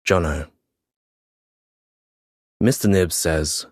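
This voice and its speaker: Casting: deep-voiced man narrator for a first-person audiobook, slow and measured. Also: dry recording, studio quality.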